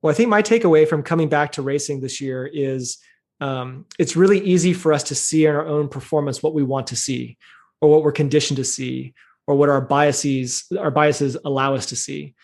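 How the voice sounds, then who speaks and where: Thoughtful man with a higher voice. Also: creaky, a little mellow. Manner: thoughtful, measured, many fillers. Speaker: podcast guest. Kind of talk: casual interview talk.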